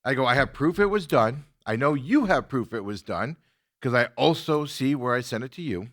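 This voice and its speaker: A man hosts a talk show in casual chat, retelling a frustrating call. His bright, forceful voice rides a lively pitch as he quotes both sides. The sound is dry and close. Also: normal speed, no echo. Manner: animated, indignant retelling with quoted exchanges. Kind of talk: casual chat, telling a story.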